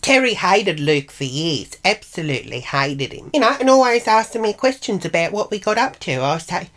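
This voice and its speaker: A woman's voice: on the low side, sing-song, normal speed, a bit bright. A middle-aged Australian woman vlogging in a chatty, blunt, sweary manner, acting out the arguments she retells. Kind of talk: casual monologue vlog.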